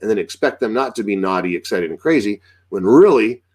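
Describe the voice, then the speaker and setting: A man's voice: on the low side, fairly quick. A man giving casual dog-training advice, acting out what dogs and owners might say. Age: adult with a young daughter. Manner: animated, acts out dialogue with dogs and owners.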